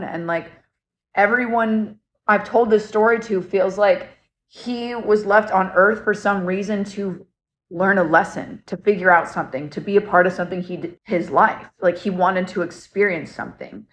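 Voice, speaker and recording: A young woman earnestly telling a personal story to camera in a casual, excitable way, full of fillers. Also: medium pitch, moderate pace. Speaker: paranormal storyteller.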